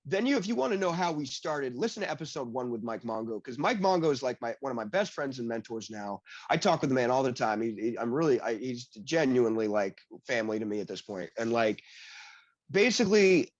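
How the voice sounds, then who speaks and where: A man being interviewed as a developer, telling animated stories in casual chat, acting out quoted dialogue and leaning on "like" fillers. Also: medium pitch, fairly quick, no echo, dull audio. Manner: heavy use of "like" fillers. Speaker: guest, blockchain developer.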